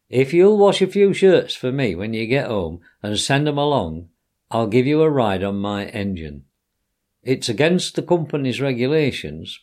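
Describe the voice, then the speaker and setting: A good-hearted, burly engine driver voiced by a man in a storybook reading. He talks in a homely, rustic way, with a lively lilt to his voice. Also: lowish voice. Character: kindly burly male train engine driver.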